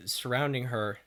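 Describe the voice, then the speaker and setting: A man narrating as game master of a tabletop game, relaxed, with many fillers. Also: mid-range voice. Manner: relaxed, laughing, lots of fillers.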